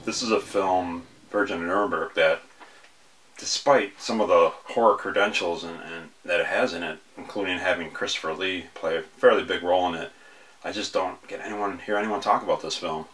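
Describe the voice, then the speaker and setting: A man's voice: low-pitched, steady tone, a little fast, fairly bright tone. A man casually reviewing horror films, rambling with many fillers and restarts.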